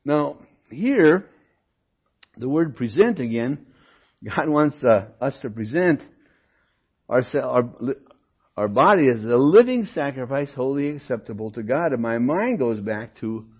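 An older man preaching an expository sermon, teaching in an animated way with rhetorical questions and occasional comic asides. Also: medium pitch, a little slow, husky. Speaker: pastor. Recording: dull lo-fi sermon recording.

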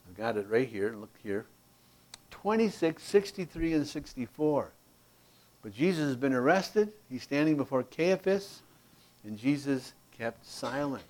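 This Bible study teacher has a mid-range, darkish voice; he goes through the text verse by verse, explaining passages, often asking "okay?", and reading the verses aloud with growing emphasis.

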